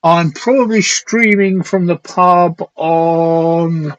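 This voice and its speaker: A man hosting a late-night live stream chat, slightly hoarse, rambling and crude as he reads out viewer comments. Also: a little high, slow pace, no echo, poor audio. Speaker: talk show host.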